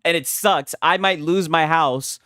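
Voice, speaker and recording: A man's voice: a little high, a little slow, bright, forceful tone, no room sound, studio quality. A man hosting a casual reaction stream, talking in a crude, mocking and profane way. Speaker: streamer host.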